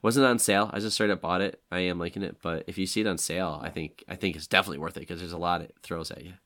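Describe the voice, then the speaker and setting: Low-voiced rambling man. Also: fairly even intonation, rapid-fire, fairly bright tone. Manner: rambling, many fillers. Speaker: podcast co-host. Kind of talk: casual chat.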